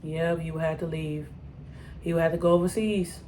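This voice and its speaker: A woman in casual reaction commentary on a TV episode, animated and exasperated, talking back to the characters, with features. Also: deep voice, moderate pace, a little hiss or hum. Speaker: TV reaction reviewer.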